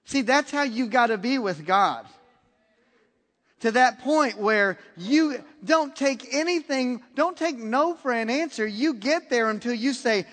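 High-voiced man preaching in a hall. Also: slow. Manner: animated, acts out dialogue in the story. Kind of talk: storytelling sermon. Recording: long reverb of a large hall.

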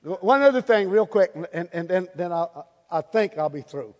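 A high-pitched man with a drawl preaches to a congregation in a folksy, animated way. He acts out small everyday scenes. His voice carries a long hall reverb. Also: normal speed. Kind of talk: sermon. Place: church hall before a congregation.

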